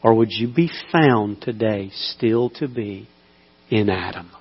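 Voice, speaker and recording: A man preaching a sermon, moving between slow, hushed appeals and loud, pleading cries. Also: lowish voice, husky. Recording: dull sound with long hall reverb.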